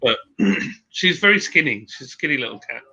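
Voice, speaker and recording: A man's voice: fairly high pitch, animated, moderate pace, pushed and bright. A man hosting a casual livestream chat, reading viewer comments aloud in a chatty way. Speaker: host. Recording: dull lo-fi stream audio.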